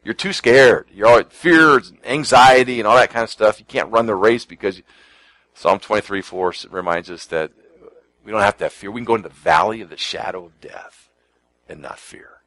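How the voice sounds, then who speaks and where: A man giving a conversational sermon, quoting scripture and swinging between soft, hushed lines and emphatic ones. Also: lowish voice, moderate pace, no echo, poor audio. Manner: conversational preaching, repeats words, quotes scripture; shifts from soft near-whispers to emphatic lines. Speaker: pastor.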